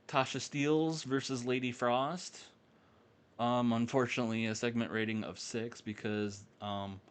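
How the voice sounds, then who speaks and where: Casual male narrator, lowish voice, halting delivery, faint rumble behind. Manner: halting, with frequent ums and uhs. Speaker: game let's-play narrator. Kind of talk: casual recap commentary.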